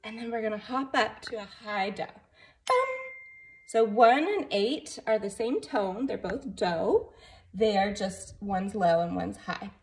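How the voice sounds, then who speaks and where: A woman's voice: medium pitch, a little slow, darkish tone, a little hiss or hum. A woman giving a casual home music lesson, enthusiastic and passionate, singing note syllables as she explains, filmed on a phone with her baby nearby. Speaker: music teacher. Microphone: phone camera.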